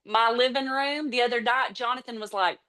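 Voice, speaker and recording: A woman giving an energetic motivational training talk to her team, excitable and chatty, sometimes out of breath from excitement. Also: on the high side, a little fast. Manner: chatty, with casual slips and restarts. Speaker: team trainer on a business call.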